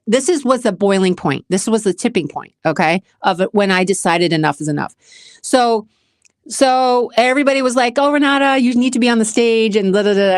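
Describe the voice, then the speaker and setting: A woman's voice: mid-range voice, no room sound, studio quality. Candid woman telling a personal story. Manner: emotional, repeats herself, addresses viewers as guys. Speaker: host of a self-help channel.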